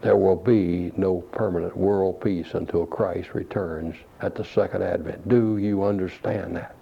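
A man's voice: sits low, steady tone, a little slow, vocal fry, slightly rough. A man preaching a sermon, asking rhetorical questions and quoting scripture. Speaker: pastor. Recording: dull lo-fi recording.

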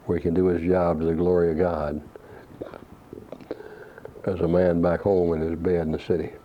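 Deep flat-voiced male preacher. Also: moderate pace. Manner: preaching with rhetorical questions, quoting scripture. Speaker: pastor. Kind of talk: sermon. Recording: dull lo-fi recording.

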